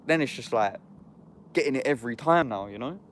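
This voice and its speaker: A man's voice: mid-range voice, expressive, fairly quick, a little hiss or hum. A young man from Epsom, chatting casually to his livestream viewers, slangy and sweary, tagging bruv onto everything. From Epsom, England. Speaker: YouTuber talking to viewers.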